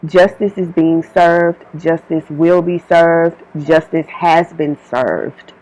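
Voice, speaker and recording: A woman's voice: fairly low pitch, fairly even intonation, takes it slowly, a little mellow, rough recording. A woman delivering an informal channeled spiritual message, emphatic and repetitive, switching between her own words and quoted divine warnings.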